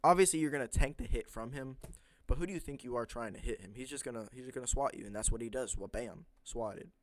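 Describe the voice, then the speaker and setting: A man's voice: mid-range voice, fast, no echo. A man casually recapping a comic book issue, rambling with lots of fillers and chatty asides.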